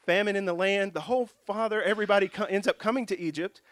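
A man's voice: high voice, fast talker, a bit bright, no room sound. A man preaching a sermon, praying and then teaching at a whiteboard in a folksy, joking way. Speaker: pastor.

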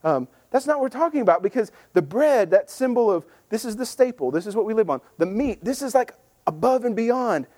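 A man preaching a sermon in a lively, conversational way, acting out the people in the scripture story in voices. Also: high-pitched, brisk. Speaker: pastor.

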